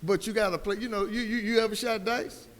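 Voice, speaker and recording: A man with a high, steady, slightly bright voice talks a little fast as part of a discussion panel. He tells stories and presses his point like a preacher, and the sound carries hall reverb with faint noise behind it.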